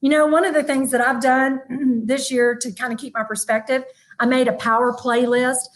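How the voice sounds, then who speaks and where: A woman from North Mississippi with a Southern accent, giving a motivational keynote talk in a folksy, animated way, speaking straight to her audience. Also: sits high, normal speed, low-quality recording. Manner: folksy, animated storytelling with y'all and asides to the audience. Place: virtual event from a room with a small audience.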